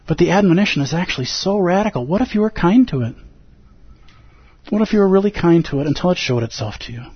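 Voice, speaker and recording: A man teaching at a Zen center, giving an emphatic, animated dharma talk and acting out the inner voices of his listeners. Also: a little high, breathy edge, dry recording, dull audio. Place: Zen center meditation hall.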